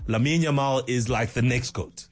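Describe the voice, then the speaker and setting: A man's voice: mid-range voice, normal speed, husky. A South African man interviewing a child, enthusiastic and laughing often.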